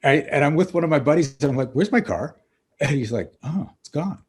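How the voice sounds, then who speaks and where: A middle-aged man, a coach and author, guesting on a podcast and telling lively stories, acting out the dialogue. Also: fairly high pitch, fast talker, breathy edge. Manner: animated storyteller acting out dialogue. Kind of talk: casual interview storytelling.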